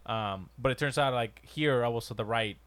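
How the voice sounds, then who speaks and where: A man from Mexico chatting casually on a podcast, relaxed and joking, telling about his school years. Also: mid-range voice, normal speed, no room sound. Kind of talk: casual chat.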